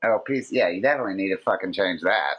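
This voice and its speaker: A man's voice: low-pitched, animated, rapid-fire, slightly rough, lo-fi sound. A man co-hosting a podcast in casual chat, cracking crude sarcastic quips. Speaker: podcast co-host.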